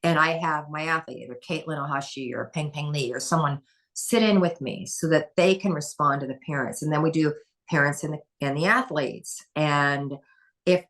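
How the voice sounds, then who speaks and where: A woman's voice: deep voice, moderate pace, fairly bright tone. A woman who is a former head gymnastics coach, talking passionately and emphatically as a podcast guest. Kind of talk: podcast conversation.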